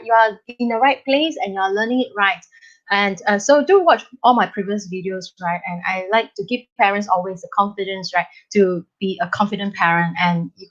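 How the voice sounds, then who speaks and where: A middle-aged woman with a Singaporean English accent, hosting a live parenting lesson in an animated, chatty manner, tagging her sentences with "okay?" and "right?". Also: medium pitch, dull audio. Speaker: parenting educator, live session host. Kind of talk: live-stream parenting talk to viewers.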